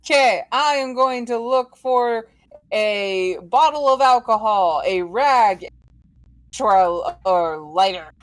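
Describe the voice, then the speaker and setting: A woman playing a tabletop game, expressive and playfully complaining, swearing freely. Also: mid-range voice, takes it slowly. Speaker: player.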